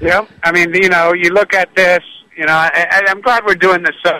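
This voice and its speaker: A man's voice: high-pitched, fairly even intonation, moderate pace, pushed and bright, no echo, low-quality recording. A man co-hosting a talk radio show from his car, chatting casually with many fillers. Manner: hesitant, lots of fillers. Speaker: radio co-host. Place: in a moving car.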